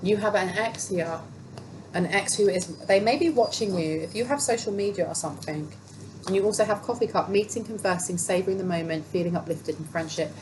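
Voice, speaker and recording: Speaking briskly in a mid-range voice, a woman does a laid-back tarot reading full of chatty emphasis and repeated phrases. Background noise stays steady throughout.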